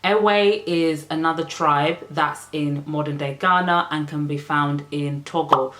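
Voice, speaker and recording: A woman's voice: deep voice, steady tone, a little slow, echoey room, background noise. A young British-born woman chatting playfully to camera as a vlogger, laughing often. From United Kingdom. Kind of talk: casual chat to camera.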